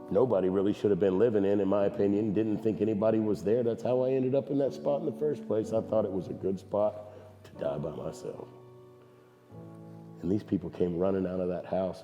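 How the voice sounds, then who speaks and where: A man giving a personal testimony at church, halting and earnest, with a voice worn from screaming. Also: sits low, warm tone, in a large hall, highs cut off. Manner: halting, earnest, many fillers.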